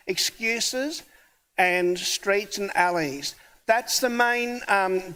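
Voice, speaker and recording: A man's voice: high-pitched, a bit bright, clear, resonant tone. A man who is a pastor, preaching a sermon in a conversational storytelling way and acting out the dialogue of his story. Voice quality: hard of hearing.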